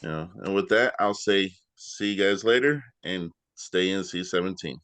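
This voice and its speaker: Low-voiced man hosting a casual show. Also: normal speed, clean tone, no room sound. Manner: relaxed, uses filler like "you know". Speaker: podcast host. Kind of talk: casual interview chat.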